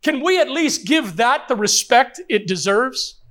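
Older pastor guy preaching, high voice, keeps repeating himself and asking the crowd questions. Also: expressive, a little slow, fairly bright tone. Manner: emphatic preaching with rhetorical questions and repetition. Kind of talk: sermon.

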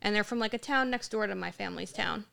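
A young woman in casual podcast chat, telling animated stories and acting out the people she quotes. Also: medium pitch, quick pace, vocal fry. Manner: animated storyteller, acts out quotes in Italian.

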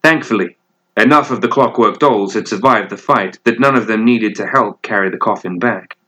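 Male narrator, low voice, bright forceful tone, measured reading, scripted fiction.

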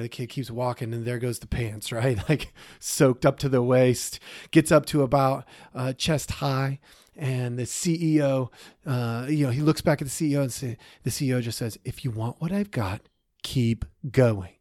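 A man's voice: mid-range voice, darkish tone, no echo, clean studio sound. A man co-hosting a podcast, telling a long story casually, with many fillers and restarts. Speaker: podcast co-host.

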